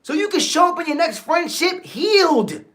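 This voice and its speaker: A host gives a motivational talk on a livestream in a very high-pitched, fairly bright voice with big pitch swings, speaking at normal speed. The delivery is casual and conversational, repeating key phrases and often checking in with listeners.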